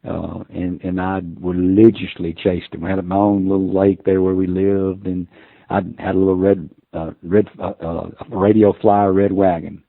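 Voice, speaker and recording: Gravelly older man on a tinny line. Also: sits low, level tone, normal speed, no room sound. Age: 60s. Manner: folksy, rambling anecdotes with many fillers. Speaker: podcast guest. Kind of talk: casual storytelling.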